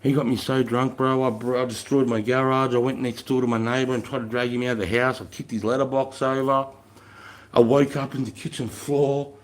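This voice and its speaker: A man's voice: mid-range voice, flat delivery, a little fast. A middle-aged man with an Australian accent, telling rambling stories in a frank, heavy-swearing casual chat on a live stream. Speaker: military veteran hosting a live stream.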